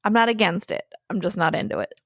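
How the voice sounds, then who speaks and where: A woman co-hosts a podcast with a blunt, playful manner, laughing easily and letting swear words slip. She sits in a middle pitch range, recorded close and dry with no echo. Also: fast, fairly bright tone. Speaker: podcast co-host. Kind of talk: casual podcast chat.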